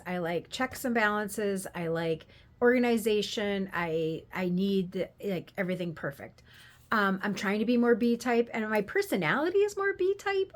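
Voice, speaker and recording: An older woman speaks straight to her viewers in a casual vlog, rambling and candid. She pokes fun at her own failures and often laughs as she tells the story. Her voice sits at an ordinary middle pitch. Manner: rambling, candid, self-deprecating, laughs while telling stories. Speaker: craft vendor vlogger.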